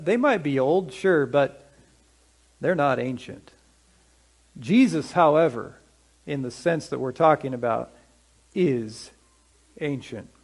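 Pastor guy preaching sunday service, kinda high voice, asks the congregation stuff. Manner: conversational, asks the congregation questions; slows down to stress scripture quotes. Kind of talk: sermon.

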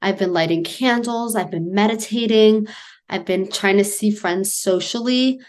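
This is a woman co-hosting a casual podcast. She talks candidly about hard times, with a dry, self-mocking turn and frequent laughter. Her voice sits at an ordinary middle pitch. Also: unhurried. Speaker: podcast co-host.

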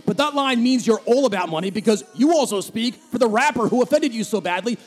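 A man's voice: extremely high pitch, lively intonation, fairly quick, soft background music. A man from New Jersey with a New Jersey accent, hosting a solo podcast and ranting sarcastically about the news. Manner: sarcastic, heated, mocking. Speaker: podcast host. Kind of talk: opinionated solo podcast rant.

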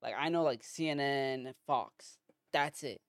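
A man's voice: mid-range voice, a little slow, dry recording, clean studio sound. A man from the US hosting a podcast, ranting casually with heavy profanity and lots of filler words. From United States. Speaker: podcast host. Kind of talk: casual commentary monologue.

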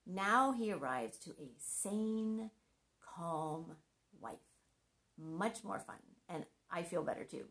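A middle-aged woman giving a scripted devotional talk on marriage, earnest and conversational with gentle humor. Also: lowish voice, expressive, takes it slowly. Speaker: Christian marriage speaker.

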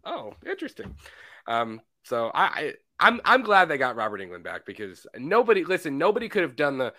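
A man co-hosting a casual movie podcast, animated and laughing often as he acts out scenes. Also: fairly high pitch, brisk. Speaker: podcast co-host.

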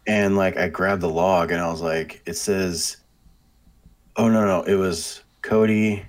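Deep-voiced man recalling a match. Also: fairly even intonation, measured pace. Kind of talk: casual gaming chat.

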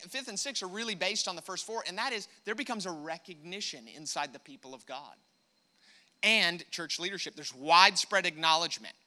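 American guy preaching, high voice, really bright and sharp, keeps hammering his points. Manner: emphatic preaching, rising loud on key points, repeats words; calls on the congregation to respond. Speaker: pastor. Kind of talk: sermon.

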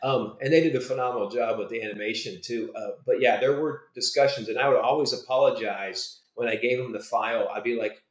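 A man's voice: medium pitch, brisk, few pauses. A man guest on a podcast telling stories about his design work, enthusiastic, with trailing restarts. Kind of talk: casual podcast interview. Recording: roomy echo.

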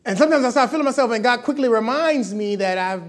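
A man preaching a sermon, lively and conversational, acting out quoted voices as he explains scripture. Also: very high voice, fast. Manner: animated, acts out quoted voices.

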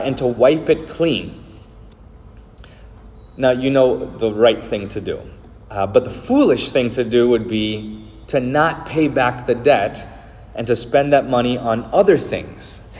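A man's voice: medium pitch, darkish tone, in a large hall. A man preaching a sermon as pastor, earnest and explanatory, with frequent filler words.

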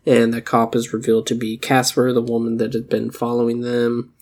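A man's voice: mid-range voice, completely flat delivery, brisk, darkish tone. Dry, wry man recapping a movie plot. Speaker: podcast co-host. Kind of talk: casual movie-review chat.

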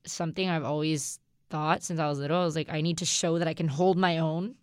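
A woman's voice: deep voice, steady tone, a little fast, smooth, no room sound, clean studio sound. A young adult woman hosting her own podcast, talking in a rambling, candid way and often swearing and laughing. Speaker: podcast host. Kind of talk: casual solo podcast talk.

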